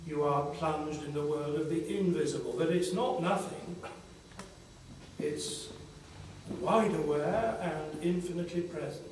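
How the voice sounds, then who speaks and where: An older man giving a slow, reflective spiritual talk at a conference panel, pausing often between phrases. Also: a little high, background noise. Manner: slow, reflective, with long pauses. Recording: echoey hall from far off.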